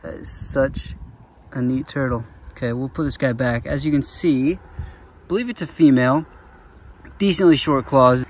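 A young man with a casual, excited manner narrates an outdoor reptile-spotting vlog in a park, often talking softly to the animals. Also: mid-range voice, normal speed, rough recording. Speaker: reptile vlogger. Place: outdoors in a state park and an alligator farm. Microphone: camera-mounted shotgun mic. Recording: outdoor recording with clear background noise.

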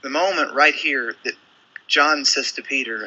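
Male preacher, very bright and breathy tone, storytelling delivery with acted-out quotes. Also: mid-range voice, measured pace, dull audio. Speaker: pastor. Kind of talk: sermon.

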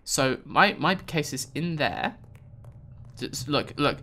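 A man's voice: fairly high pitch, expressive, slow pace, pushed and bright, a little hiss or hum. A British man commentating a video game, sarcastic and exasperated as he talks back at the game. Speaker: gaming video host. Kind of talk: casual gameplay commentary.

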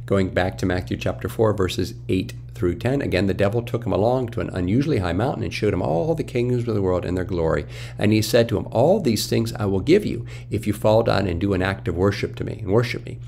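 A man's voice: on the low side, animated, brisk, creaky, a little mellow, slight background noise. A man teaching from the Bible, reading scripture aloud and then explaining it with emphatic questions. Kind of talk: Bible study commentary.

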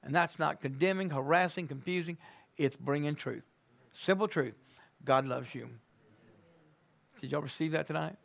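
A man preaching a sermon and praying in a church, swinging between hushed words and loud fervent exclamations. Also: a little high, moderate pace, creaky, long pauses. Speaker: guest preacher. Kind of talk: sermon and closing prayer. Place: church sanctuary.

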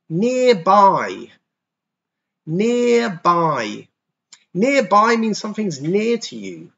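A man teaching English to young children online, explaining words patiently and sounding them out slowly and clearly. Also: high-pitched, big pitch swings, fairly bright tone, muffled recording. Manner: patient, slow, over-articulated pronunciation demos. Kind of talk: online class for kids.

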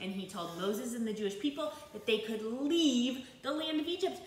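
Brief: animated toddler music teacher, sing-song and coaxing, bright high voice. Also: female voice, brisk, few pauses. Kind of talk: sung storytelling for toddlers. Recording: echoey room with faint noise.

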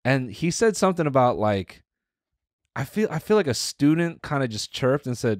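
A man's voice: medium pitch, sing-song, moderate pace, dry recording, clean studio sound. A man co-hosting a podcast who tells stories in a slangy, profane, casual way. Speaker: podcast co-host. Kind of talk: casual chat.

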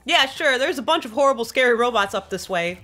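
A woman's voice: on the high side, lively intonation, fast, sharp tone, faint music behind. A woman doing a laid-back chummy goat. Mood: easygoing. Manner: easygoing, amused.

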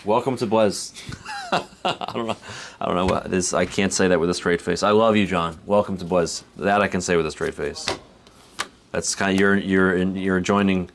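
A man with a deep, low voice talks in a loose, rambling way as he opens packs on a live stream, reading out names and chuckling to himself. There is a faint hiss of background noise under him. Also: fairly even intonation, a little fast. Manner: rambling, laid-back, chuckles between remarks, reads card names aloud. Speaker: card break host. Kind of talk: casual live-stream chat while opening cards.

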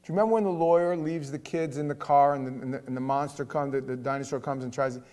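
A man pastor preaching a sermon in a chatty, animated way, swinging from soft asides to loud emphasis. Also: medium pitch, fast. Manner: conversational, with filler words.

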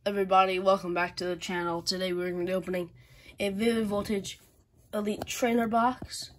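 At home indoors, a channel host with a medium-pitched, flat voice does a casual unboxing chat despite having the hiccups. Unhurried, she names each item in turn, while a TV plays faintly and packaging crinkles behind her.

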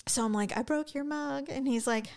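A middle-aged woman on a casual podcast, her voice sitting a little high. She tells stories with lively energy and acts out both sides of each exchange. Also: moderate pace. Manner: animated storytelling, acting out both sides of a conversation. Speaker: podcast co-host. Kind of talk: casual chat.

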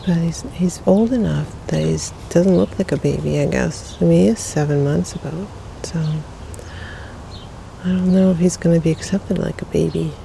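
A woman's voice: lowish voice, normal speed, gravelly, dark tone, slight background noise. A woman vlogging while walking her cat outdoors on a neighborhood street, chatting casually and cooing at the animals. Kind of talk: casual chat.

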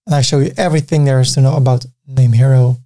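A native Dutch speaker with a Dutch accent hosts a screen-recorded software tutorial, walking through each click step by step and tossing in casual asides. His voice is medium-pitched, his intonation fairly even, and he talks fast.

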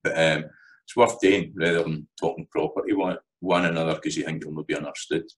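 A man with a Scottish accent giving a recorded language lesson over slides, relaxed and rambling, with many fillers and restarts. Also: rumbling low, a little fast, low-quality recording. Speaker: language teacher.

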